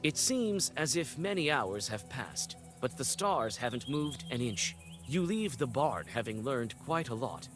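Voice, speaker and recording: A man narrating a video game story in second person, measured and descriptive. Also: mid-range voice, big pitch swings, music in the background. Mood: neutral. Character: adult male storybook narrator.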